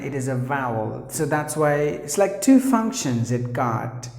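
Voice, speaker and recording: A woman's voice: sits low, dark tone, roomy sound. A woman teaching pronunciation, repeating words and explaining patiently with fillers. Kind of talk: pronunciation lesson.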